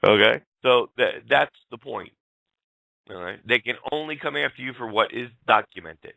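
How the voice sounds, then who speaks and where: A man hosting a talk show, ranting bluntly and with fire. His voice is gravelly with a hard, bright edge. The sound is close and completely dry. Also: medium pitch, expressive, normal speed, dry recording, rough recording. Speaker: show host. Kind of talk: heated political talk.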